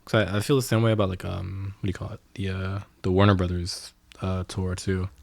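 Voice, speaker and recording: Young male podcast co-host, very low voice, dry close sound, swears freely in a loose casual chat. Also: flat delivery, brisk, gravelly, no room sound. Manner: loose, profane storytelling.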